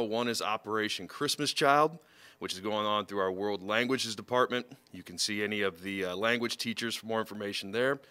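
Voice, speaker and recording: A man's voice: on the low side, sharp tone, smooth. A man on a school news show speaking about service and giving opportunities in an upbeat, informal way. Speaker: school staff guest. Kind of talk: school announcement.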